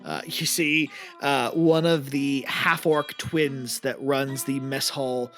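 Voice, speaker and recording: A man's voice: mid-range voice, steady tone, slow, a bit bright, faint music behind. A man narrating as dungeon master, rambling with many ums and restarts. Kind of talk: narrating a tabletop game.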